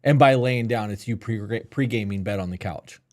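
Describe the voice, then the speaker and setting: A man's voice: on the low side, normal speed, a little mellow. Laid-back man podcast co-host. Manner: laid-back, swears freely, teasing. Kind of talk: casual chat.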